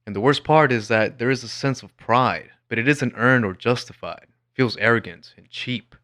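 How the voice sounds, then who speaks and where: A man's voice: medium pitch, normal speed, fairly bright tone. A man narrating his own story in a wry, blunt, sardonic scripted voice.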